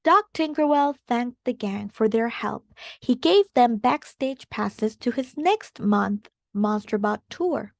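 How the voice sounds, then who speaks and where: A woman's voice: a little high, lively intonation, no room sound. A woman reading a children's storybook aloud as the narrator. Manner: slow and clear. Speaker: storybook reader.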